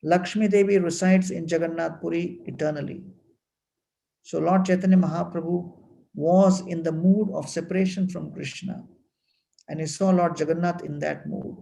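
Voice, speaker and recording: A man giving a measured devotional lecture at a temple festival, reciting Sanskrit verses and telling sacred stories. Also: fairly high pitch, fairly even intonation, creaky, dark tone.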